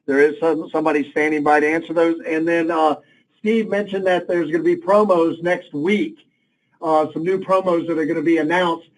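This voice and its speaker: A man's voice: on the high side, flat delivery, normal speed, slight background noise, poor audio. A man hosting a conference call, friendly and chatty, with many filler uhs as he makes announcements. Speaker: call host. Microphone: phone.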